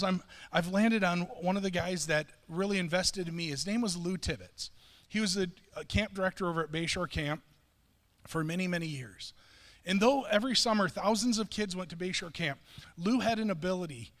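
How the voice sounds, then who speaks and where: A man's voice: sits high, fairly bright tone. Man, middle-aged pastor, sermon, conversational, restarts words, reverberant church hall. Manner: conversational, self-deprecating, repeats and restarts words. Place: church sanctuary.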